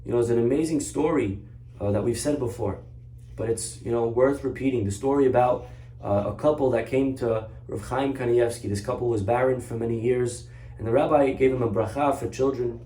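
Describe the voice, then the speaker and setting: Earnest rabbi teaching in a roomy hall. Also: male voice, medium pitch, brisk, dark tone. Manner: earnest, story-driven, exhorting. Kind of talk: Torah class storytelling. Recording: roomy echo, far from mic.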